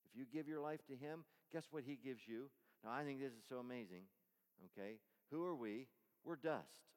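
A man preaches a sermon in a mid-pitched voice. His delivery swings from loud, emphatic calls to hushed, almost whispered lines. A long reverb from a large hall trails behind every phrase. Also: normal speed. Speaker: pastor.

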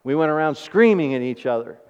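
A man preaching with lively call-and-response questions to his congregation, his fairly high voice ringing out in a long hall echo. The recording is a bit muffled and lacks crispness. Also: brisk. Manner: animated call-and-response preaching with homely stories. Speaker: pastor. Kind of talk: sermon.

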